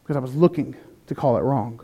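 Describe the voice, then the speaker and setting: A man's voice: medium pitch, a little fast, warm tone, slightly rough. A man preaching a sermon in an earnest, conversational way, with some restarts. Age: adult, past eighteen.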